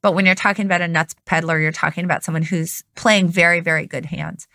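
A woman's voice: on the low side, fairly even intonation, fast, creaky, bright, forceful tone, no room sound, studio quality. A woman who is a poker expert, explaining strategy step by step in an analytical conversation.

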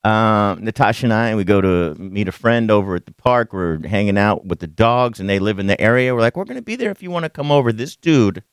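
A man's voice: lowish voice, fairly quick, hardly any pauses, clean tone, dry recording, studio quality. A man hosting a radio show, chatting casually and acting out the quotes in his stories with a raised voice. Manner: animated storyteller, acts out quotes in raised voice. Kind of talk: casual morning radio banter.

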